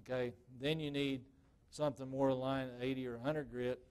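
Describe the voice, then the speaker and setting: A man's voice: medium pitch, level tone, normal speed, darkish tone, smooth. A man demonstrating woodturning to a club audience live, talking casually and checking in with "okay?" after nearly every point.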